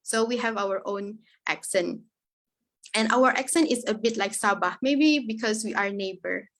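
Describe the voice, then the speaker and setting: A woman's voice: mid-range voice, moderate pace, fairly bright tone. Young female student from Brunei, Malay-accented English, casual presenter with frequent fillers, video-call sound. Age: young adult. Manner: chatty, many fillers and tag questions. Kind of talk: informal slide presentation.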